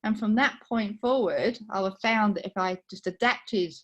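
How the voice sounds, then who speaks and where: A middle-aged woman from the UK with a British accent and a slight Australian twang, telling a personal story in a soft, conversational, self-deprecating way over a video call. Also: medium pitch, normal speed, lo-fi sound. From United Kingdom. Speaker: table topics speaker.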